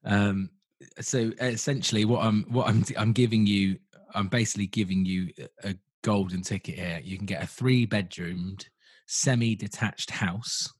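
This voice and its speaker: A man's voice: lowish voice, fairly even intonation, normal speed, breathy edge, dry recording. A man from southern England co-hosting a podcast in casual chat, playful and teasing. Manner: playful, teasing, chuckles often. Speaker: podcast co-host.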